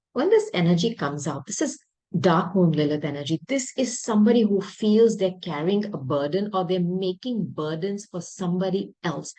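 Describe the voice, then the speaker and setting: Giving her viewers a tarot reading, a woman speaks in a low, husky, slightly mellow voice, emphatic and guided by intuition. Now and then she clears her throat, and she doubles words to stress them; the audio quality is poor.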